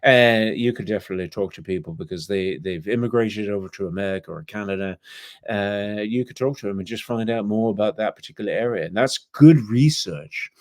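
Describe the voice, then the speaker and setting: A man's voice: lowish voice, fairly quick, no room sound, studio quality. A man from England, an author guest on a podcast, telling rambling stories full of asides. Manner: rambling, storytelling with fillers and asides. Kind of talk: casual interview storytelling.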